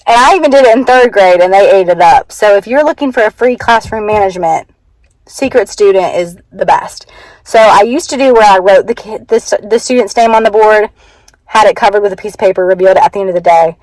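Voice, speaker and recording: A woman's voice: mid-range voice, brisk, a little mellow, dry recording, poor audio. A young woman who teaches first grade, chatting earnestly in a casual vlog and peppering her story with "like.". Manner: chatty and earnest, many "like" fillers.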